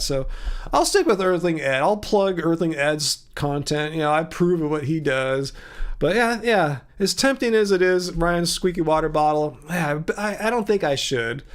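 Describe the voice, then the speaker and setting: A man's voice: on the high side, creaky. A tired man in his fifties hosting a casual livestream, rambling as he answers viewers' comments by name. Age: 50s. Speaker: livestream host.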